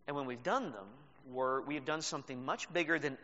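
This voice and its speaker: A man preaching a sermon as pastor, telling a story with animated delivery and laughs. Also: mid-range voice, a little fast, hardly any pauses. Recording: reverberant hall, dull sound.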